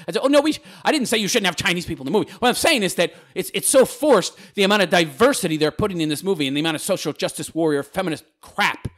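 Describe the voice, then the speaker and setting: A man's voice: high-pitched, a bit bright. A man hosting a channel, reading viewer comments aloud and answering them in a sarcastic, mocking, combative rant. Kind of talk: ranting commentary.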